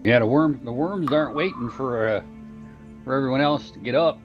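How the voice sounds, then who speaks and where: A man's voice: medium pitch, a little fast, over music. A man playing in a tabletop game, rambling and hesitant with many fillers. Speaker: player. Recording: dull lo-fi sound.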